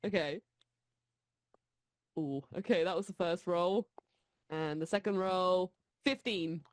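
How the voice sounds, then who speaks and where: A woman's voice: fairly low pitch, takes it slowly, no room sound, clean studio sound. A woman playing a tabletop role-playing game, chatty and giggling often. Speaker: player. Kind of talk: casual tabletop play.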